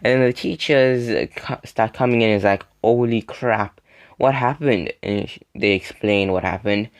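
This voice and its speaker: A man's voice: on the low side, moderate pace, vocal fry, clean tone. A young man telling a casual story to the camera in a rambling way, full of fillers and laughing between sentences. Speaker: storytime video creator.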